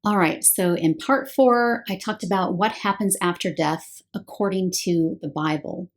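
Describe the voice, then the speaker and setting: A woman's voice: on the low side, measured pace. A woman giving a scripted Bible teaching talk, explaining step by step and posing rhetorical questions.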